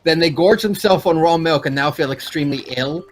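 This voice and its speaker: A man co-hosting a casual gameplay chat, animated and quick to swear, with sudden jumps in pitch when excited. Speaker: gaming co-host.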